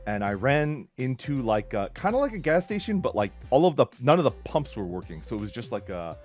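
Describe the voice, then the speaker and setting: A man's voice: medium pitch, big pitch swings, fairly quick. A middle-aged man casually telling stories about camping and cycling, talking in loose, restarting sentences full of "like.". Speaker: streamer. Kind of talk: casual storytelling. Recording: faint music underneath.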